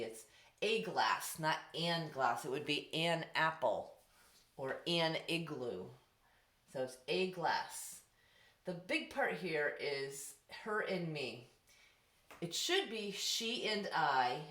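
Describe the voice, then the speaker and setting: Lowish-voiced woman teacher, echoey room. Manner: patient, explains step by step to young students. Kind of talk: distance learning grammar lesson.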